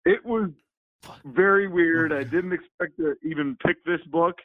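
A man's voice: fairly high pitch, measured pace, dry recording. Rambling man on a tinny line. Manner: rambling, animated retelling with many fillers and laughs. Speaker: podcast co-host. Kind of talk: casual chat. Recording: phone-like, dry sound.

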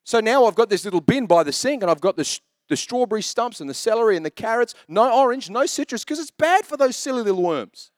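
A man's voice: very high-pitched, expressive, fast, hardly any pauses, no room sound, studio quality. A man in his thirties preaching a sermon as pastor, telling jokey stories in a chatty way. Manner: chatty, joking storyteller.

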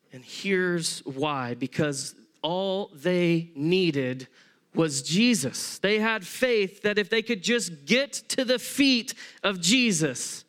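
A male pastor preaches a sermon in a conversational, animated way, acting out the voices of the people in his story as he tells it. His voice is on the high side and slow.

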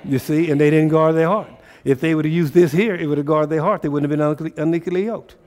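A man preaching a sermon in a call-and-response style, often climbing into loud exhortation. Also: fairly high pitch, fairly even intonation, quick pace. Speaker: pastor.

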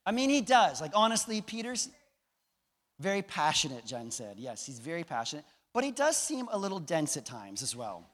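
A male pastor delivers a sermon in a loose, conversational way, often turning to the audience with questions. His voice sits high. It rings out with the long reverb of a large hall. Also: wildly swooping pitch, moderate pace, a bit bright. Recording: echoey hall.

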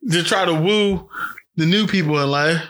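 A young male podcast host who tells stories with energy, swears freely and restarts his sentences. His voice sits a bit high and sounds bright and forward. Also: moderate pace. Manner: animated storyteller with profanity and frequent restarts. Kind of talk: casual podcast chat.

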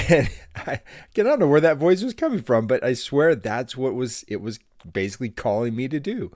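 A man's voice: medium pitch, big pitch swings, brisk, darkish tone, dry recording, clean studio sound. A middle-aged man hosting a devotional podcast, telling a childhood story in an earnest, friendly way with an occasional laugh. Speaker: podcast host.

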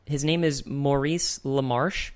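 A man's voice: medium pitch, fairly even intonation, slow. A young man hosting a podcast, talking casually into a desk microphone, rambling and chuckling often. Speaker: podcast host. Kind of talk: casual chat.

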